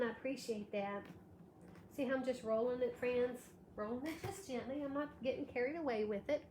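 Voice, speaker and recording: A woman's voice: fairly high pitch, a little mellow. A tired woman hosting a live craft tutorial, thanking viewers by name as she demonstrates. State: a little tired, allergies. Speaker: craft livestream host. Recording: echoey room with faint background noise.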